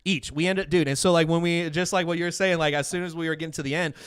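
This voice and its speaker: Excitable, laughing podcast host. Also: male voice, a little high, fast, clean tone, no echo. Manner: excitable, laughing, swears freely. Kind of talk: casual chat.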